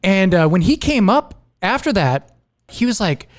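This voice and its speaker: A man hosting a podcast, chatting casually and telling lively work stories, acting out what coworkers said. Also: high-pitched, normal speed. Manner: animated storyteller, acts out quotes of coworkers. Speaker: podcast host. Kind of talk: casual chat.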